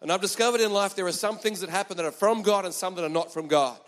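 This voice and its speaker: A man preaching a sermon, emphatic and animated, with chatty asides to the congregation. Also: high voice, fast, in a large hall.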